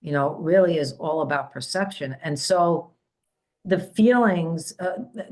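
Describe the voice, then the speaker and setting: A low-voiced woman hosts a spiritual talk show as a psychic medium. She speaks casually, halting often with fillers and restarts. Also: lively intonation, darkish tone. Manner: hesitant, many fillers and restarts.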